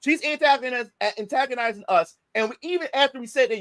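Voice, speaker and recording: A man's voice: very high voice, fast talker, few pauses, no room sound. A man casually retelling a heated confrontation, swearing a lot and acting out what everyone said. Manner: animated, profane retelling of a confrontation, acting out quotes. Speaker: podcast guest. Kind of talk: casual storytelling.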